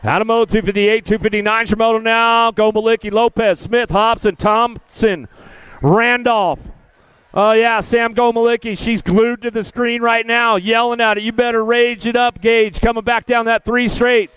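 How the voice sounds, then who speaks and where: Male BMX track announcer, very high voice, smooth and dry, fast name-calling, buddy-buddy with riders. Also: dry recording. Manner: rapid-fire calls of rider names and positions; excitable, chummy with riders. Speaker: race announcer. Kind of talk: live BMX race commentary. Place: outdoor race track.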